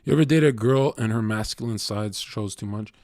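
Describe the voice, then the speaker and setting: A man's voice: lowish voice, a little fast, darkish tone, no room sound, clean studio sound. A man streaming live, ranting bluntly and profanely at his chat in a confrontational way. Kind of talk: casual rant to a live chat.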